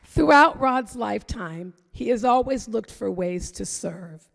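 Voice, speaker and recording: A woman presents an award in a slow, measured delivery with a gravelly edge. Her voice rings with a long hall reverb, and a crowd is faintly heard behind her. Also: fairly high pitch, expressive. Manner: measured, reading a prepared tribute. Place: large event hall.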